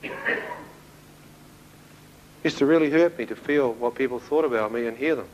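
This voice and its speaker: A man giving a spoken testimony to an audience, telling his story in an animated way and acting out the dialogue. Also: mid-range voice, moderate pace, muffled recording, a little hiss or hum. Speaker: speaker giving a personal testimony.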